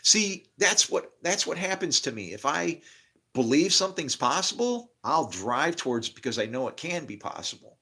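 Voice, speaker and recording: A middle-aged man telling rambling stories in a profane, excitable way, breaking into preachy outbursts. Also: fairly high pitch, normal speed. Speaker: guest. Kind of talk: rambling storytelling monologue.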